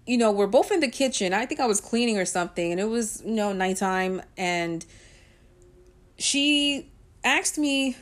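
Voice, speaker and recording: A woman's voice: mid-range voice, expressive, normal speed. Chatty woman telling a personal story. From Guyanese and Puerto Rican heritage. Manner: chatty, with frequent ums and likes. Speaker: vlogger.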